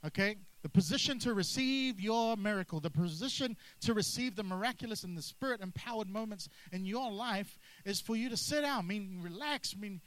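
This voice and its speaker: A man preaching a sermon, energetic and drawing responses from the congregation. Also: sits high, a little fast, few pauses, no echo, poor audio. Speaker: pastor.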